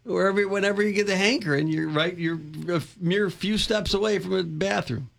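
A middle-aged man from the Chicago area spins rambling, self-deprecating stories in casual conversation. His voice sits a little higher than most men's. He acts out the other people in his tales as he goes. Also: fairly quick, creaky. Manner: rambling anecdotes, self-deprecating, animated quoting. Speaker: co-host. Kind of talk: casual chat, storytelling.

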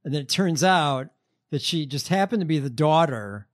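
Podcast host, male, slightly higher voice, halting casual delivery. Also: animated. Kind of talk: casual chat.

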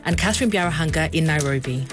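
A woman's voice: deep voice, fast, over music. A woman co-presenting a radio news programme in a formal, scripted manner.

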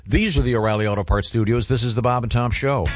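A man hosting a morning radio show, chatting casually with many pauses and "uh"s and a dry sense of humor. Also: medium pitch, no room sound, soft background music. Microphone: close studio mic.

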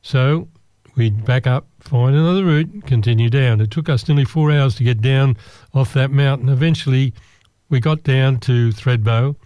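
Casting note: male raconteur, middle pitch, mellow and relaxed, self-deprecating humour. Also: moderate pace, no room sound. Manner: self-deprecating, wry, rambling with restarts. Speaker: storyteller. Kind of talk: personal anecdote told to listeners.

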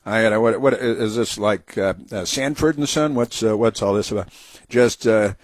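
A man's voice: on the low side, normal speed, no echo. Sarcastic male talk radio host. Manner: sarcastic, mocking, rambling with many fillers. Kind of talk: opinionated talk radio commentary.

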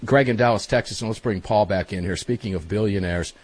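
A man hosting a talk radio show, briskly plugging guests and joking with his co-host. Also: lowish voice, dry recording. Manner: brisk, joking, plugs upcoming shows.

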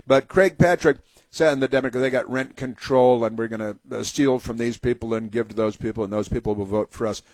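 A man's voice: medium pitch, a little fast, a little mellow, no echo. A man hosting a radio talk show, delivering a sarcastic, rambling opinion monologue with many fillers.

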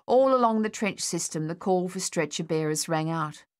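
A woman narrating an audiobook in a measured, steady storytelling manner. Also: fairly low pitch. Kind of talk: scripted narration.

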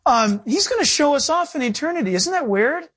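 A male pastor preaching a sermon, animated and acting out little dialogues. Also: very high-pitched, brisk.

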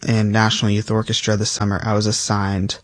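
Teen percussionist guest, lowish voice, relaxed and thoughtful, dry close recording. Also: male voice, brisk, no echo. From South Carolina, US. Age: teens. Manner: relaxed, thoughtful, uses many fillers. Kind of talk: interview answers.

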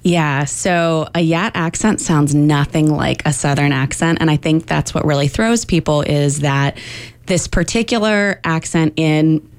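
A woman's voice: low-pitched, measured pace. A woman linguist in her thirties explaining in an interview, articulate and teacherly with some fillers.

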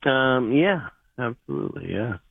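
A man from Minnesota calling into a radio show, halting and rambling, repeating himself. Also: mid-range voice, big pitch swings, vocal fry, husky, dry recording. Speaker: caller. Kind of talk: call-in radio chat. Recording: phone line.

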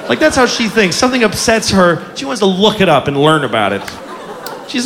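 Animated high-voiced swearing comedian. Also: male voice, a little fast, big-room sound. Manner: animated, shouting, swearing storyteller. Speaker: stand-up comedian. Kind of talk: stand-up comedy. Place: comedy venue, indoors. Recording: live club with loud crowd and noise.

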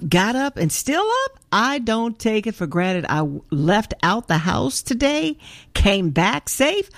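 Lively gospel radio host woman. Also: medium pitch, no echo. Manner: lively, chatty, preacherly.

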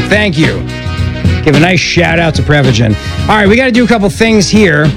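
A man's voice: fairly high pitch, lively intonation, moderate pace, music in the background. A middle-aged man, a fill-in talk radio host, bantering and teasing his producer on air. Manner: joking, teasing. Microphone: studio microphone.

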